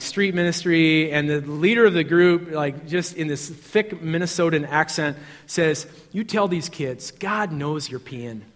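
A man preaching a sermon. He talks in a conversational way and swings from loud to hushed, intimate passages. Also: on the high side. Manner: conversational with fillers like "um" and "like". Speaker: pastor. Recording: long hall reverb.

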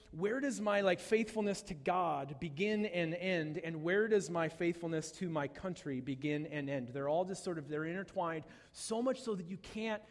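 High-voiced man preaching a sermon. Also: long reverb tail. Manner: animated and conversational, with jokes and asides to the congregation. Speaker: pastor.

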